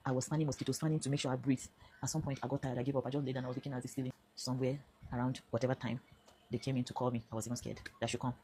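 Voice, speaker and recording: A woman's voice: a bass voice, level tone, very fast, warm tone, slight background noise. A Nigerian woman in her fifties giving an earnest, emphatic personal testimony to camera, now and then slipping into Pidgin phrases. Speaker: vlogger telling her own story.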